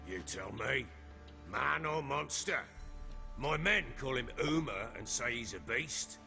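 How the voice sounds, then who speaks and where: A man's voice: mid-range voice, lively intonation, unhurried, gravelly, sharp tone, heavily acted. An actor playing a boastful middle-aged warlord baron in a video game, blustery and coarse as he tells his stories. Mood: gruff. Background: game music.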